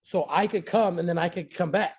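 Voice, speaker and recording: A man sharing a success story with his team in a casual motivational talk, excitable and repeating phrases for emphasis. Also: sits high, a little fast, husky.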